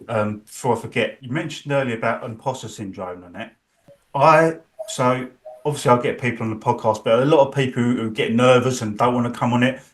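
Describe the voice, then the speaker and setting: A man hosting a podcast, chatting casually and a bit hesitantly. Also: medium pitch. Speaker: podcast host. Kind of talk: conversational interview.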